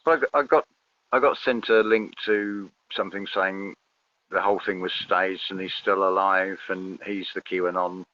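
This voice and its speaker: A man's voice: sits low, fairly even intonation, moderate pace, muffled recording, slight background noise. A man in casual conversation as a guest, hesitant, often repeating words as he starts a thought.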